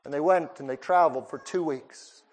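A man preaching a storytelling sermon, moving between hushed passages and raised ones. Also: fairly high pitch, moderate pace.

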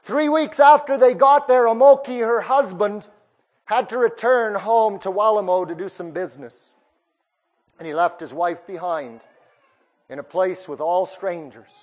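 A man preaching a storytelling sermon, moving between hushed passages and raised ones. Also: sits high, a little slow.

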